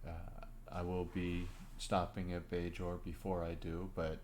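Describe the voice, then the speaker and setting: A man voicing a calm senior female starship admiral in a tabletop game, with measured, hesitant pauses. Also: deep voice, slight background noise. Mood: reflective.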